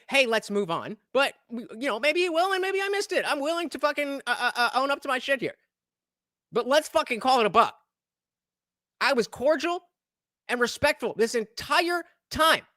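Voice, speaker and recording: A woman's voice: high voice, animated, moderate pace, fairly bright tone, no echo, studio quality. A woman hosting a live stream, heatedly commenting on a debate clip in a profane, exasperated, argumentative way. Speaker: streamer host reviewing a debate.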